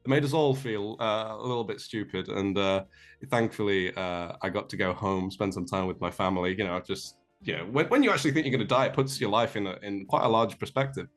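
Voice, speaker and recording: A man's voice: on the low side, a little fast, a bit bright, faint music behind. A young English man, a guest on a remote call, telling a self-deprecating story in a rambling way, with many fillers and restarts. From England. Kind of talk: casual storytelling.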